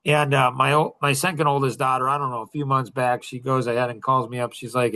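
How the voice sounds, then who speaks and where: A man's voice: mid-range voice, a little fast, few pauses, a little hiss or hum. A man in his fifties, a coach answering audience questions on a podcast, telling stories in a casual, conversational way. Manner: storytelling, animated retelling of conversations.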